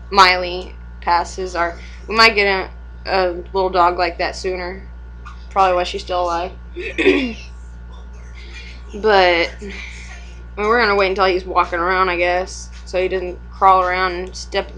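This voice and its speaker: A woman's voice: on the low side, pushed and bright, rough recording. A young woman and mother chatting casually at home for a vlog, rambling, swearing freely and laughing often.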